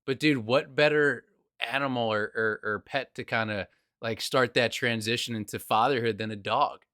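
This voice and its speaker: A man's voice: medium pitch, steady tone, moderate pace, bright, forceful tone, dry recording, clean studio sound. A man hosting a podcast, chatting casually with his guest, calling him "dude" and often restarting his sentences. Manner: friendly, calls guest "dude", many restarts. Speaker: podcast host. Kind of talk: casual chat.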